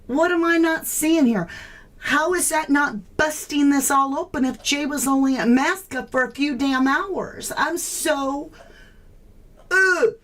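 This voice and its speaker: A woman's voice: high-pitched, a little slow. A woman hosting a true crime livestream, puzzling aloud in casual chat and greeting viewers by name.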